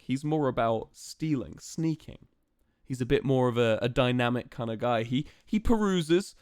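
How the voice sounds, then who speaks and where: A man's voice: mid-range voice, no room sound, clean studio sound. Young man chatting playfully on stream. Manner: playful, animated, chatty with many fillers. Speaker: live streamer. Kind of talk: casual live-stream chat to viewers.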